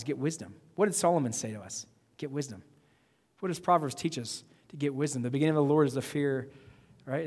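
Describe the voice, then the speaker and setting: Male pastor, fairly high voice, emphatic sermon delivery, long hall reverb. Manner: preaching with emphatic rising outbursts and quick repetitions.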